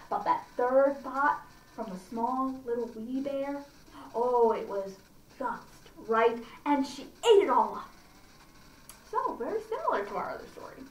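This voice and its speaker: Woman, library storyteller, high voice, reading aloud to kids, asks questions, roomy distant sound. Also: slight background noise. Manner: pauses to comment and ask children questions. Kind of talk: reading a fairy tale aloud to children. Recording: roomy, distant mic, faint ambience.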